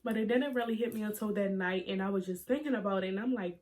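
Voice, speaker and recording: A young woman in her twenties telling a personal story to her camera, halting and emotional as she holds back tears. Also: a little high, fairly even intonation, darkish tone. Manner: halting, many fillers and restarts. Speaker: vlogger.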